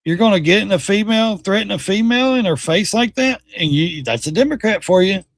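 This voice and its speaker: A middle-aged man hosting a casual livestream, reacting to videos with loud, blunt, slangy commentary. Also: high voice, expressive, brisk, no echo. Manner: loud, blunt, slangy, mocks and quotes the clips.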